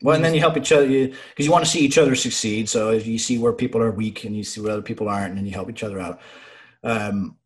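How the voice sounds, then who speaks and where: A young man telling profane, animated stories from his naval service in casual chat. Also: fairly low pitch, fast talker.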